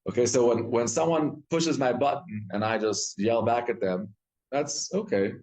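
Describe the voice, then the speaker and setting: A man teaching a Torah class, telling stories with lively acted-out quotes and frequent restarts. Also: medium pitch, normal speed, rough recording. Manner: animated storytelling, acts out quotes, frequent restarts.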